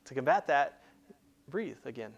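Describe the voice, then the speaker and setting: A man's voice: mid-range voice, expressive, unhurried, gravelly, dull audio. A man hosting a career advice show, explaining plainly in a conversational teaching style with frequent restarts. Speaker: career coach host.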